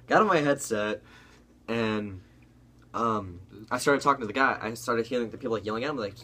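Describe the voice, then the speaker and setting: A man's voice: medium pitch, moderate pace, pauses often, pushed and bright. A young man co-hosting a casual comedy chat, telling a gaming story with lots of fillers and swearing. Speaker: co-host.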